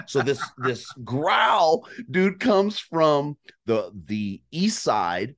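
A man telling a hunting story in casual chat, animated and profane, acting out calls and his own reactions. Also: medium pitch, slow pace, few pauses. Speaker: guest storyteller on a hunting podcast.

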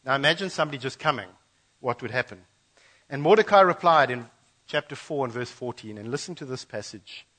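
Man preaching an animated sermon. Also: mid-range voice, brisk, low-quality recording. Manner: animated storytelling, voices the Bible characters. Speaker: pastor. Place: church.

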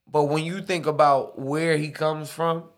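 A man's voice: fairly high pitch, steady tone, measured pace. A man co-hosting a podcast in casual chat, easygoing and trailing off with fillers. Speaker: podcast co-host.

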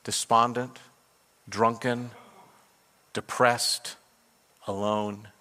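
A man's voice: medium pitch, flat delivery, extremely slow, pushed and bright. A man preaching as a pastor, telling a story earnestly and then leading a fervent prayer in a church. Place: church sanctuary. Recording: long hall reverb.

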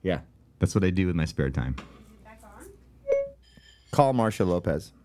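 A man's voice: low-pitched, very animated, unhurried, darkish tone, faint music behind. A man hosting a podcast in a casual, rambling, jokey way, talking from home. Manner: rambling, jokey, self-interrupting. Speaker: podcast host. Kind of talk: casual comedic chat. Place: home, indoors.

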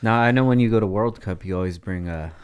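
Low-voiced male host, short replies, brief questions. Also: fast talker, a crowd in the background. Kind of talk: casual interview.

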